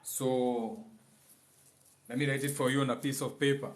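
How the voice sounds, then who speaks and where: A man with a Kenyan accent, a spiritual teacher giving a casual livestream lesson, explaining in a loose, chatty way and now and then chanting phrases slowly. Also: mid-range voice, little pitch movement.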